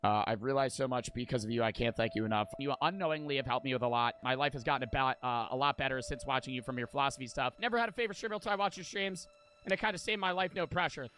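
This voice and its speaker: A man's voice: medium pitch, very fast, pushed and bright. A young man who streams, talking bluntly and casually with lots of fillers and swearing. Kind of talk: casual storytelling and reflection.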